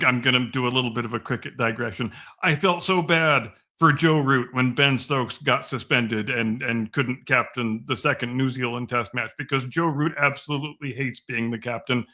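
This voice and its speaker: Bright-voiced blunt male podcast host. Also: medium pitch, moderate pace. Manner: opinionated, blunt, swears freely. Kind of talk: casual chat.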